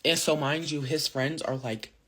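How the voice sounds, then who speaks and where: A man's voice: on the high side, fairly even intonation, normal speed, sharp tone. Slangy rambling young-sounding man. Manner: slangy, rambling, full of fillers. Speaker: social media storyteller. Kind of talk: casual storytime vlog.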